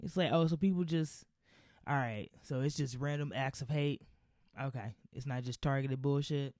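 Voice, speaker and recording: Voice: mid-range voice, moderate pace, darkish tone, no echo. Angry sweary podcast rant, rambly, dry close sound. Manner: heated, profane ranting; loose, rambling with restarts. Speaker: podcast host. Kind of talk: solo podcast commentary.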